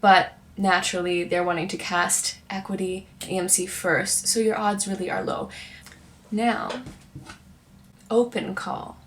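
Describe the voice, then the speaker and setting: A woman's voice: medium pitch, fairly even intonation, a little slow, a little hiss or hum. A young woman, a working actor, giving chatty, encouraging advice straight to the viewer in a casual vlog. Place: apartment in New York.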